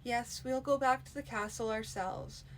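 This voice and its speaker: A woman voicing a stern, commanding male baron in a read-aloud fantasy story, with a measured, dry manner. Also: on the high side, steady tone, a little hiss or hum, natural voice, low-quality recording.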